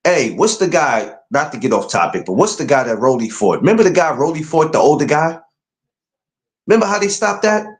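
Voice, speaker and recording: A man's voice: fairly high pitch, a little fast, reverberant. A man hosting a podcast, talking boxing in a casual, emphatic way. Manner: animated, emphatic, rising to incredulous outbursts. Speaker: podcast host.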